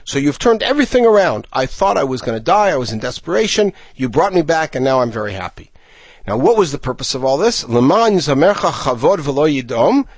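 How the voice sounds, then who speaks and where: Lively-voiced man teaching a psalm. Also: fairly high pitch, dry recording. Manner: reads Hebrew verses then translates and explains them; measured, slowing for emphasis on key phrases. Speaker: Bible teacher. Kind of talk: lecture on a psalm.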